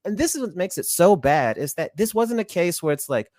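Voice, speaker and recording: A man's voice: high voice, sing-song, brisk, few pauses, a little mellow, dry recording. Guy ranting and cussing on a podcast, voice swinging all over, dry close mic. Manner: profane, exasperated ranting. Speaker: podcast co-host. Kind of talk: heated ranting podcast talk.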